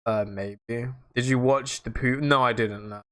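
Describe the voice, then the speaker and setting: The young livestreamer speaks unhurriedly with fairly even intonation as he rambles casually to viewers in slang, alternating loud outbursts with low mutters.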